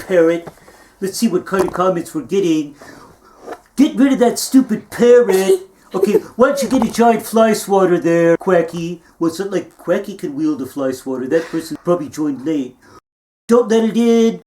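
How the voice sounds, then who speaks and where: Brief: man as a vain, easily excited podcaster, self-absorbed, in a roomy space with echo. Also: high voice, normal speed, a little hiss or hum. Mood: annoyed. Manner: self-absorbed, exclaiming often. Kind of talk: low-budget comedy film acting.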